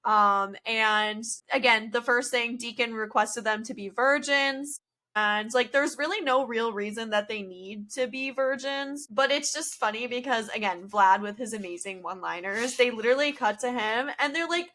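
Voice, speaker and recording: A woman's voice: on the high side, moderate pace, bright, forceful tone. A young woman co-hosting a podcast, recapping a film in casual chat and acting out quoted lines with big jumps in voice. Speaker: podcast co-host.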